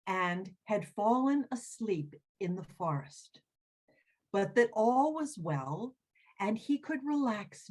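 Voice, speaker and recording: A woman who is head of a school, telling a children's story with expressive, dramatic delivery. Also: medium pitch, husky. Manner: expressive, dramatic read-aloud.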